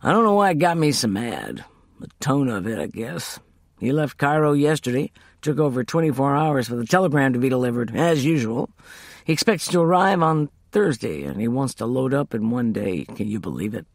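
A man's voice: mid-range voice, sing-song, normal speed, dry recording, clean studio sound. A man voicing a blustery older male collector who grumbles in a folksy, colloquial way. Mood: grumbling.

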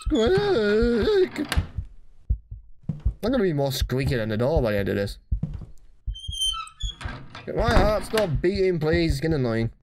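A man giving dry, deadpan let's play commentary while playing a horror game. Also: fairly high pitch, fairly quick, pauses often, background noise.

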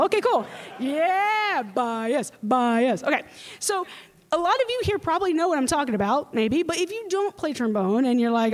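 Young woman, lively panel presenter, high bright-pitched voice, big reverberant hall. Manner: animated, playful, mimics voices. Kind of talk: lively convention panel talk. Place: convention panel room.

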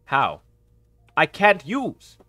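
A man giving playthrough commentary on a horror game, reacting with excited yelps and shouts. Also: on the high side, extremely slow, no echo, faint music behind. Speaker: gaming YouTuber.

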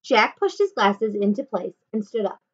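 Lively woman teacher narrating a storybook, raised pitch, muffled home recording. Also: moderate pace, slightly rough. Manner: expressive, animated. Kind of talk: storybook read-aloud.

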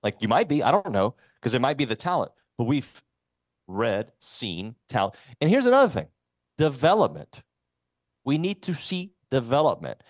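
A man's voice: mid-range voice, normal speed, dry recording, studio quality. A man co-hosting a sports radio show, talking football casually and reading live sponsor spots. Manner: animated, reads live sponsor reads. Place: radio studio.

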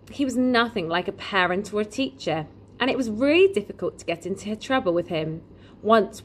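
A woman reading a children's novel aloud in an expressive, lively storytelling manner. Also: medium pitch, a little hiss or hum. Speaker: reader.

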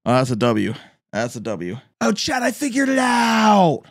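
A man streaming casual reaction commentary on memes, excitable and loud at times. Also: sits high, unhurried, noisy background. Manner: excitable, shouts and laughs at clips.

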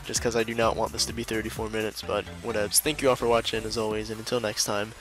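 A man's voice: fairly low pitch, flat delivery, fast. Male host, sarcastic and exasperated, home mic, faint music underneath. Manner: exasperated and sarcastic, frequent laughs. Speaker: video host and duel commentator. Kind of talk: casual game commentary.

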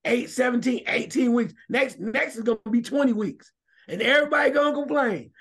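A man co-hosting a sports radio show, giving emphatic, animated opinions and shouting now and then. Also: very high voice, fairly quick, slightly rough.

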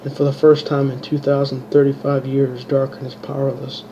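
A man reading his own fantasy story aloud, halting and restarting words, in a dull lo-fi home recording. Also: mid-range voice, monotone, dark tone, a little hiss or hum. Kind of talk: amateur audiobook reading.

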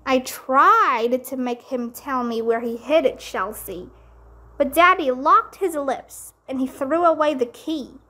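A spoiled rich little girl from a storybook, whiny and sing-song, high and squealy, as a woman reads her aloud. She draws her words out slowly. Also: bright, forceful tone, full character voice.

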